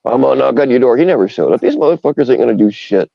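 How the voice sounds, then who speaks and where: Blunt guy swearing, gravelly low-key voice, dry dull sound. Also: animated, quick pace, no room sound. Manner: blunt, profane, mocking. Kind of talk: casual online chat.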